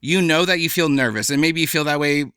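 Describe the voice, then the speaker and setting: A young adult man, a comedian guest on a podcast, talking in an animated, chatty way. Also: a little high, quick pace, smooth, no echo, studio quality. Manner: animated, chatty, slips into playful voices for examples. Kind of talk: casual podcast conversation.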